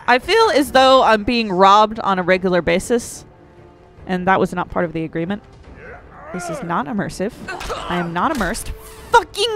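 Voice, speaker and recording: A woman hosting a let's play, giving excitable, sarcastic gameplay commentary, swearing freely and yelling at enemies. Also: a little high, normal speed, faint music behind.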